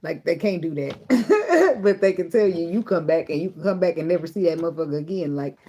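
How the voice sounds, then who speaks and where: A woman's voice: fairly low pitch, lively intonation, a little fast, warm tone. A woman giving a casual tarot reading, blunt and profane, often breaking into laughter. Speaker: tarot reader.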